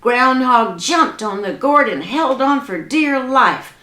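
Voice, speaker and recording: A woman telling a folk tale in a lively, dramatic, folksy way. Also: high voice, slow. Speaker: storyteller. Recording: echoey room.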